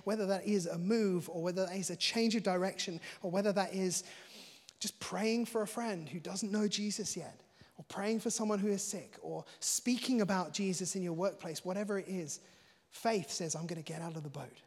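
A man's voice: high voice, big-room sound. A man preaching a sermon in an earnest, conversational way, often breaking into light laughter between points.

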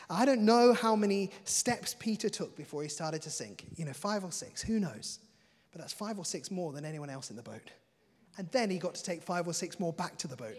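A man's voice: sits high, husky, long reverb tail. A man preaching a sermon in an earnest, conversational way, often breaking into light laughter between points.

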